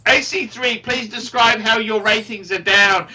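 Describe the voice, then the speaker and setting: A man's voice: sits high, steady tone, normal speed, few pauses, bright, forceful tone, low-quality recording. A man hosting a livestream, chatting casually and reading out donations, rambling and swearing freely. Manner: rambling, effusive, swears often. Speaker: livestream host.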